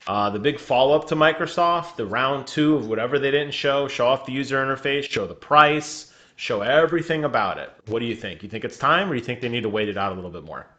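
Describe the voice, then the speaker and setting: A young man co-hosting a gaming podcast in casual chat, giggly and jokey and quick to slip into silly voices. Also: medium pitch, a bit bright. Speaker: podcast co-host.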